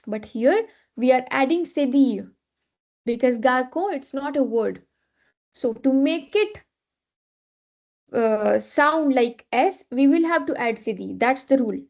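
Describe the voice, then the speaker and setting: A woman's voice: high-pitched, expressive, a little slow, vocal fry, long pauses, darkish tone. A woman teaching a French class, patiently repeating rules and checking in with "okay". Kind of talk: live online class teaching. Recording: dull lo-fi class recording.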